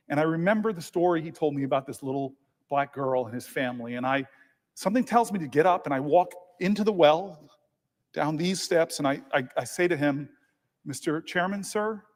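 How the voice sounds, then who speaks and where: A man giving a long protest speech as a senator, telling stories, repeating words and building to emphatic peaks. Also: fairly high pitch. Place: large legislative chamber. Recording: long reverb of a large chamber.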